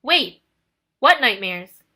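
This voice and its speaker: An urgent teenage boy pleads and shouts warnings, read by a woman in an audiobook. The voice sits fairly high with a bright, forceful tone. It barely shifts from the reader's own voice. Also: sing-song, slow, heavily acted. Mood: pleading.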